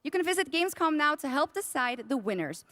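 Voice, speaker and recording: A woman's voice: sits high, sing-song, a little fast, sharp tone, dry recording. A woman co-presenting a live games showcase with upbeat scripted announcements. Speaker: show co-presenter.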